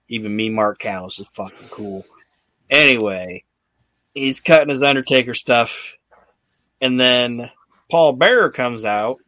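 A man's voice: medium pitch, sharp tone, no echo. A man hosting a podcast, recapping in a rambling, casual way full of restarts. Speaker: podcast host.

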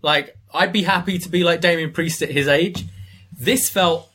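A man co-hosting a wrestling podcast, chatting in an excitable, jokey way. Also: on the high side, fairly quick, husky. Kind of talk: casual chat.

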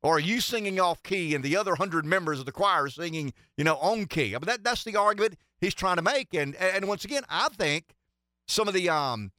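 Bright, animated talk radio host. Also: male voice, fairly high pitch, no room sound, clean studio sound. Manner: rambling, many fillers and restarts, emphatic. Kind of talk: political talk radio commentary.

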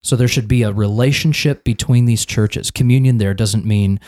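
A man's voice: lowish voice, normal speed, a little mellow. An American man discussing a church confession in a casual conversation, thinking aloud with many restarts and repeated words. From United States.

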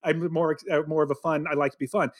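An energetic, chatty man hosting a podcast and talking casually with his guest. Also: a little high, fast, dry recording, clean studio sound. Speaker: podcast host.

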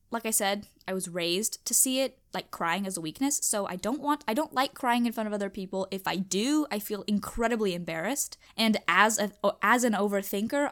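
A young woman hosting a podcast, chatting casually and emphatically on her own, animated and self-reflective. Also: fairly high pitch. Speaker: podcast host. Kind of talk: casual solo chat.

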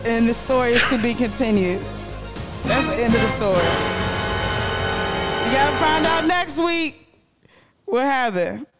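A woman hosting a live radio show, telling a story with loose, animated slang-heavy delivery. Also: fairly high pitch, unhurried, pauses often. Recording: music playing behind.

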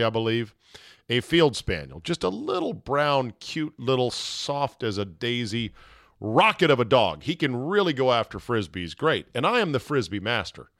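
A middle-aged man hosting a podcast, telling a personal story in casual, animated talk, acting out shouts and swearing now and then. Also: mid-range voice, no echo, studio quality. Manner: animated, acts out quoted shouts and panic. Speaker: podcast host.

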